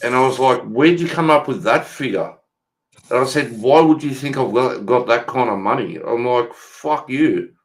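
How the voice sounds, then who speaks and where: A man's voice: medium pitch, normal speed. An Australian man with an Australian accent, telling a story bluntly and swearing freely as a co-host in a casual chat. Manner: blunt, swears freely, retells calls in a mocking voice.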